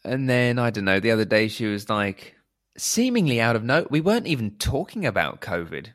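Low male voice, casual storyteller, acts out quoted dialogue. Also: fairly quick. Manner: animated, acts out quoted dialogue, laughs often. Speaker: podcast co-host, teacher.

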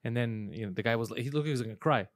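Schnell redender, fluchender Mann. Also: male voice, mid-range voice, no echo, clean studio sound. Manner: fast, profane storytelling with many fillers. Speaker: comedian podcast host. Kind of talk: casual chat.

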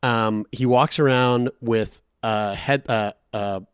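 A man of middle pitch chatting casually on a podcast and wandering off into long, animated tangents. He swears freely and laughs easily. The recording is close and dry. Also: slow, clear, resonant tone, dry recording. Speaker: podcast co-host. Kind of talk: casual chat.

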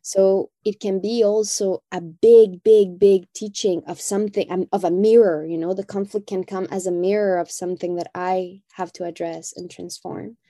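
A woman's voice: medium pitch, steady tone, moderate pace, few pauses, warm tone, no echo. A woman talking as a podcast guest, reflective and heartfelt, often adding "you know". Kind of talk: reflective conversation.

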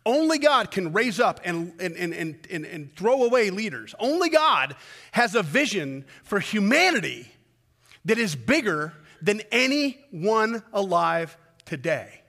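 A man preaching a sermon as pastor, swinging from loud emphatic peaks down to low, intimate pleading. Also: sing-song, unhurried, long reverb tail. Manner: impassioned, rising to loud peaks then dropping low and intimate.

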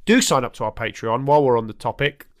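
A man's voice: medium pitch, expressive, fast talker. A young man co-hosting a podcast, teasing his friend with dry humour. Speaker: podcast co-host. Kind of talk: casual banter.

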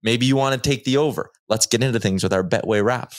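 Fast-talking host, dry studio sound. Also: male voice, mid-range voice, no echo. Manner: rapid-fire, rattling off stats. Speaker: co-host of a sports show. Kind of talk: casual live-stream chat.

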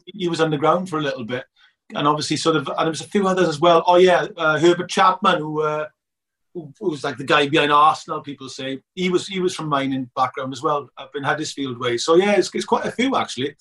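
Guy, kinda high voice, tells stories and laughs a lot, sits a bit back from the mic. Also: quick pace, recorded from a distance. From Scotland. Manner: animated storyteller, laughs often. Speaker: documentary filmmaker. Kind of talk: casual chat.

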